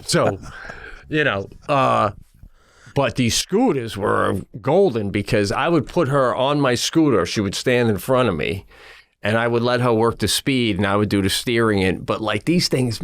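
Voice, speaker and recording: A middle-aged man co-hosting a podcast, telling a story in a casual, animated way and acting out his own exasperated lines. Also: mid-range voice. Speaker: podcast co-host.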